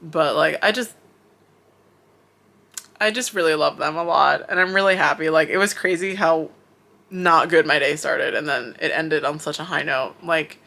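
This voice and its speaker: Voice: medium pitch, normal speed, gravelly, pushed and bright. A young adult vlogger in Japan talking to camera, teary and emotional, gushing and rambling with lots of fillers. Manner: gushing, filler-heavy, rambling with many likes. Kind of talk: emotional fan vlog talk to camera.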